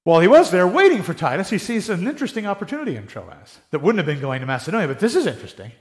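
Man, pastor, casual sermon, fairly high voice, slips into quoted voices. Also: sing-song, racing. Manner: conversational, acts out quoted voices.

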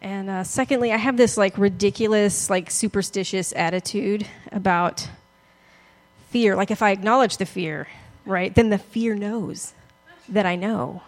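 A woman's voice: mid-range voice, a little slow. A woman pastor giving a conversational, self-deprecating sermon, often laughing as she talks.

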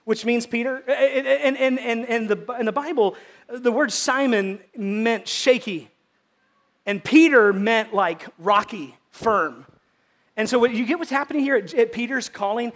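A man preaching a sermon as pastor, animated and swinging between loud emphasis and hushed delivery. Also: very high voice, normal speed.

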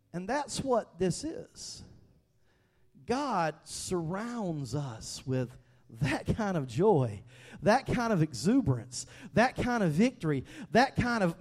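Animated high-voiced preacher. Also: male voice. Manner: animated, swings from shouting to soft, acts out quotes. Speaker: pastor. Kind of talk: sermon.

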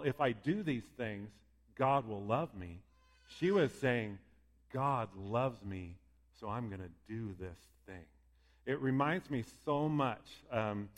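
A male preacher speaking in a relaxed, conversational way, at times playfully acting out imagined voices. His voice sits at a middle pitch and carries a long reverb, as if he were in a big hall. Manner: lively, conversational, acts out quoted voices. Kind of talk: sermon.

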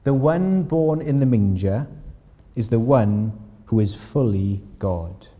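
A man's voice: mid-range voice, animated, takes it slowly, warm tone, long reverb tail. A man preaching a sermon in church, earnestly asking his listeners questions. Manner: earnest, asks the congregation questions.

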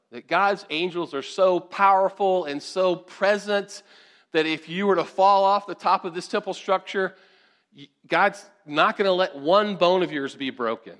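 A male pastor preaching a sermon in a conversational, animated way, often asking the congregation questions. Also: high voice, normal speed.

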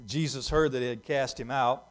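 A man preaching a sermon, moving between hushed, slow passages and loud, emphatic ones. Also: medium pitch, steady tone.

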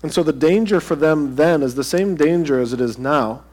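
A man's voice: fairly high pitch, moderate pace, a little mellow. A pastor preaching a sermon to his congregation in a conversational way, asking them direct questions.

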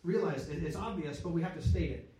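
A man with a fairly high, mellow voice leads a conversational Bible study, asking rhetorical questions and checking in with his listeners. He restarts and corrects himself mid-sentence. He is heard from a distance in a very echoey room. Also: fairly quick. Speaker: Bible teacher. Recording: very echoey room, speaker far from mic.

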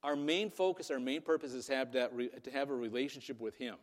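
Chatty middle-aged pastor in a reverberant hall. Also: male voice, mid-range voice, steady tone, fairly quick. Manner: conversational storytelling with many fillers. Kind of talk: sermon with a personal story. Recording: long reverb of a large hall.

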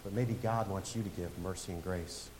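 A man's voice: low-pitched, normal speed. A man in his forties preaching a sermon as a pastor in a church, telling a story and building to emphatic points. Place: church sanctuary. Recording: long hall reverb with faint hiss.

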